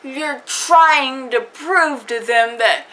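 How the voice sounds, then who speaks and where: A woman vlogger tells a personal story to camera in a casual storytime vlog, chatty and full of fillers, acting out quoted dialogue. Her voice sits high, pushed and bright, with drawn-out words. The recording is rough.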